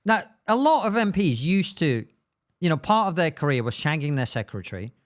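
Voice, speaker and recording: Dry, teasing man with a lively voice. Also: on the high side, brisk. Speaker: podcast co-host. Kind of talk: casual comedic chat.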